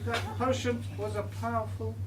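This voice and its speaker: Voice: mid-range voice, flat delivery, moderate pace, a loud crowd, close to an everyday voice. An amateur performer playing a lovesick, complaining young prince in a pantomime, whining for a refund. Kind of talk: amateur pantomime stage acting. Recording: distant stage sound, loud hiss.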